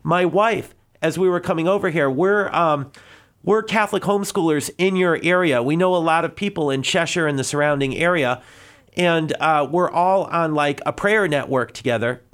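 A man's voice: a little high, a bit bright. A man from Connecticut answering a caller on a live radio show, a little out of breath, earnest and rambling with many restarts. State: slightly out of breath. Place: radio studio.

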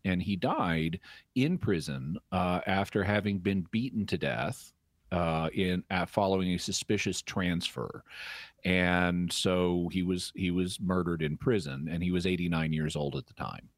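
On a call-in radio program, a very deep-voiced man responds to listeners' questions. His explanations are measured and teacherly, with the odd restarted sentence, and the audio is dry and close.

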